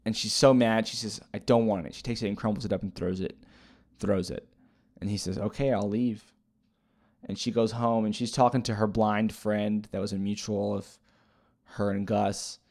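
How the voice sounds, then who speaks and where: A man's voice: on the low side, flat delivery, normal speed, a little mellow. A man casually retelling a movie plot as a reviewer, rambling and hesitant with many fillers and restarts. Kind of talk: casual spoken movie recap.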